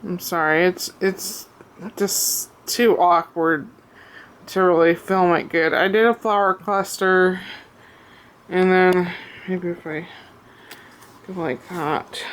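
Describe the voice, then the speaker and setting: Breathless lady showing off her craft project at home, slow and halting, lots of ums. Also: on the low side, a little hiss or hum. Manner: halting, many ums and pauses. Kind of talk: casual show-and-tell. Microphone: camera on a tripod.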